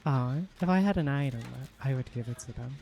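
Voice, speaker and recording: Hushed and soft, almost ASMR-like, this streamer's mid-pitched voice drifts unhurriedly through casual live gameplay chat. The mood is mellow and dark, easygoing and rambling, punctuated by lots of little laughs.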